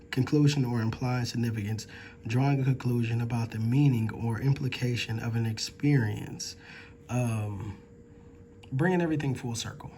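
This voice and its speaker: An earnest man talks through a chapter review in a level, even voice and keeps to one tone. He is a ministry student who speaks informally and reflectively, with fillers and restarts. A faint hiss sits under the recording. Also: mid-range voice.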